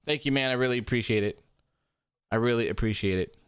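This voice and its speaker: Man, livestream host, friendly chat reading comments, smooth clear voice, dry close desk mic. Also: mid-range voice, fast, a bit bright, dry recording. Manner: friendly, upbeat, thanks viewers often. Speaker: wrestling post-show livestream host. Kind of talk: casual chat, reading viewer comments aloud. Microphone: desk microphone.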